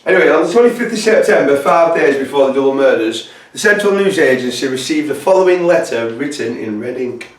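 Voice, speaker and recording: A man's voice: a little high, lively intonation. Rambling man lecturing to camera. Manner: rambling, halting, many fillers. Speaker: presenter. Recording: roomy echo, distant mic.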